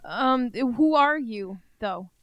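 Slow, bright-voiced hesitant woman. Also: on the high side, lively intonation, no echo, dull audio. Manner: hesitant, questioning, stammering. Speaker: player. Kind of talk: in-character tabletop play.

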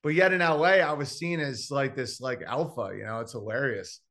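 A man's voice: medium pitch, normal speed, a bit bright. A man, a comedian guest on a podcast, telling brash stories in a rambling, filler-heavy way. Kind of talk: casual podcast chat.

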